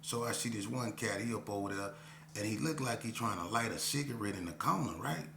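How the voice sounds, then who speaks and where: Gravelly guy spinning a street story, slangy, roomy echo, faint hum. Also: lowish voice, brisk, pushed and bright. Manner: slangy, keeps saying "you know what I'm saying". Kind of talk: casual storytelling.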